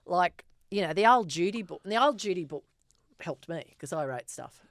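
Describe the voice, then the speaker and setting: A woman's voice: lowish voice, animated, normal speed, dry recording, studio quality. A middle-aged woman, a guest telling frank, earthy stories in a casual interview and acting out the people she quotes. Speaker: guest, former police officer.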